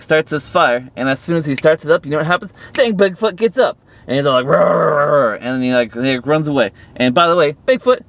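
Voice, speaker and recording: A man talks through a film's plot in a loose, rambling way, circling back on his own words and leaning on "you know" and "guys." His voice sits at an ordinary middle pitch but leaps sharply upward when he wants to stress a point. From United States. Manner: filler-heavy, repeats phrases, addresses viewers as guys; jumps suddenly high for emphasis. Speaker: movie reviewer. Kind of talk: rambling casual movie recap to camera.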